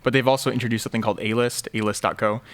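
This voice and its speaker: A man speaking as a guest on a tech panel, explaining things quickly with plenty of fillers. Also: fairly low pitch, steady tone, no echo. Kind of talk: casual roundtable chat.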